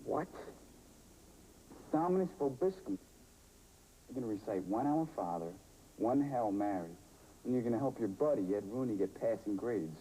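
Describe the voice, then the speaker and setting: An actor playing an impatient, nosy priest hearing confession in a comedy film. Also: male voice, medium pitch, lively intonation, moderate pace, long pauses, warm tone, slight background noise, lightly acted, low-quality recording. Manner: bored, gruff, nosy.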